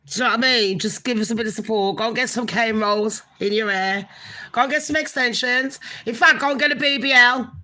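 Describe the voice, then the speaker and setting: A woman's voice: fairly high pitch, a little fast, pushed and bright, rough recording. A woman hosting a casual gossip live stream, chatting with viewers and swearing now and then. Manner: chatty, swears, talks to viewers as honey pot. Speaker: gossip channel host.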